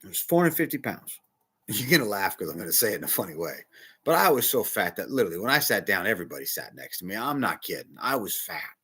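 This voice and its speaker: A middle-aged bishop preaching with a husky, breathy edge to his low voice. His pitch swings widely as he tells his story, and his tone stays bright and forceful. He sounds confiding and animated. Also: quick pace. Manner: emotional personal testimony, animated and confiding. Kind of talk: sermon.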